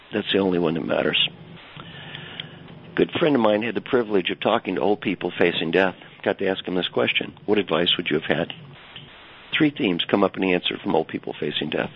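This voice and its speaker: An older man, a leadership coach and guest, telling stories with animated emphasis over dull lo-fi audio. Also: fairly low pitch, slight background noise. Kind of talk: storytelling interview answer.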